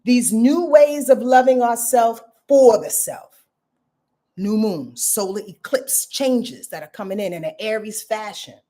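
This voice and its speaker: Animated expressive woman astrologer. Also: on the high side, breathy edge. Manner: emphatic, repeats phrases, laughs at own jokes; talks straight to viewers. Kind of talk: live astrology reading.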